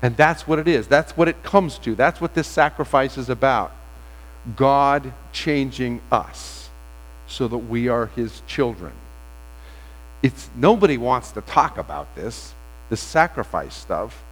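Brief: male pastor, mid-pitched, relaxed story-led sermon, big hall reverb. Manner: conversational storytelling with frequent pauses. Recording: long reverb of a large hall.

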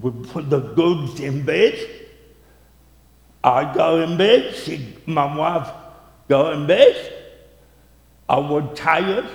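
A man preaching a storytelling sermon, slow and dramatic, swinging from loud outbursts to hushed tones. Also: a little high, vocal fry. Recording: echoey hall.

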